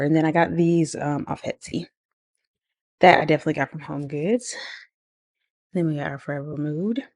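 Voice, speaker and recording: Chatty lady walking through her living room, lowish voice, dry close sound, bit out of breath. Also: warm tone, no echo. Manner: chatty, rambling, many ums and likes. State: slightly out of breath. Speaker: home decor vlogger. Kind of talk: casual home tour walkthrough. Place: inside a home living room.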